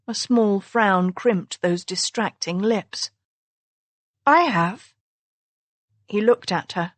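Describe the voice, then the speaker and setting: A woman with a mid-range voice narrates a romance audiobook in a measured, even storytelling manner. It is scripted narration with no room sound.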